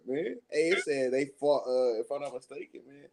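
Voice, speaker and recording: A man's voice: medium pitch, moderate pace, gravelly, hardly any pauses, a little hiss or hum. A man joining a casual Bible discussion. He talks in laid-back slang, laughs between points and searches for verses. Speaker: Bible study participant.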